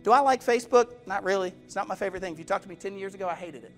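A pastor with a notably high voice preaches a sermon very fast, firing direct questions at his congregation. He tells stories and acts out the quoted voices as characters, with faint music playing quietly behind him in the church.

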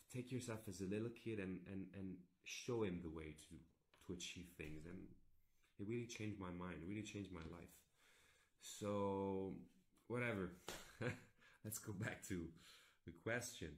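A man's voice: low-pitched, reverberant. A man from Italy with an Italian accent, talking earnestly and casually with fans on a phone livestream from his home, with many fillers and restarts. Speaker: actor. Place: indoors at home.

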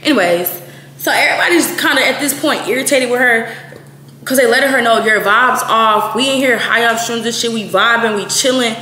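A woman in her twenties, from Texas, telling a story in a blunt, profane, animated way, quoting people as she goes. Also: a little high, fairly quick. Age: 20s. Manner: blunt, profane, animated retelling with quoted voices. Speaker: vlogger. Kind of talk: casual storytime. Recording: echoey room, faint noise.

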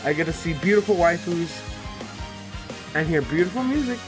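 A man giving casual commentary on a fighting game as a let's player, excitable, swearing and laughing often. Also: fairly high pitch, normal speed. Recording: loud game music behind voice.

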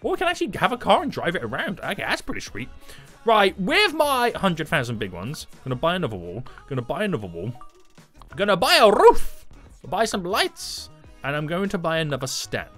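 A man narrating his gameplay with huge swings in pitch and a bright, forceful tone. He jokes constantly and bursts into shouts, with faint music playing underneath. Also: huge pitch swings, fairly quick. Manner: loud, jokey, shouting outbursts and sudden pitch jumps. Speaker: gaming YouTuber. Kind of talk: energetic gameplay commentary.

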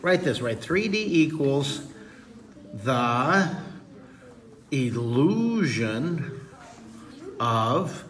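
A man's voice: medium pitch, animated, extremely slow, a bit bright, recorded from a distance. A middle-aged man teaching a drawing lesson in a playful, goofy way, full of teasing jokes, with an audience of kids behind him. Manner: goofy, teasing, jokey asides.

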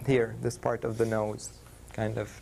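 A man's voice: fairly low pitch, level tone, measured pace, gravelly, darkish tone, slight background noise. A man teaching a university French class, mixing English and French and checking in with his students.

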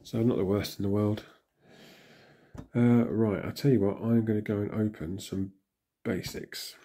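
A hoarse man, still recovering from illness, casually commenting and muttering reactions as he opens in-game crystals. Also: lowish voice, steady tone, a little slow, dark tone, slight background noise. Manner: chatty, mutters reactions to himself. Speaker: gaming channel host.

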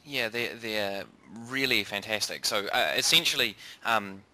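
Bright-toned enthusiastic New man. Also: fairly low pitch. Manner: enthusiastic, halting with repeats and ums. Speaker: podcast co-host and science presenter. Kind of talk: casual science chat.

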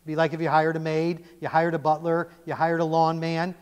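A male pastor preaching a sermon in a church, animated and emphatic, often quizzing his congregation. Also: fairly high pitch, moderate pace, clean tone. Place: church sanctuary. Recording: long church reverb.

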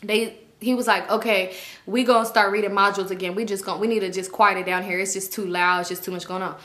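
A woman's voice: medium pitch, fast talker. A young adult woman casually telling a work drama story, acting out quotes in a raised voice. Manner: animated, acts out quotes in raised voice. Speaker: storytime vlogger.

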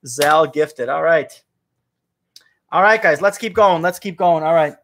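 A man's voice: fairly high pitch, unhurried, a bit bright. A man hosting a live trivia stream, chatting casually with viewers and reading their names from chat. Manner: chatty, reads chat names aloud, rambles into opinions. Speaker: trivia livestream host.

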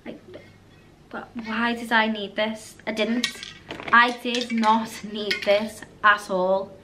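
Woman, British accent, casual vlog chat, rambling, bright tone, slightly high voice. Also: flat delivery, slow, a little hiss or hum. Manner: rambling, chatty, drifts off topic. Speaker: vlogger.

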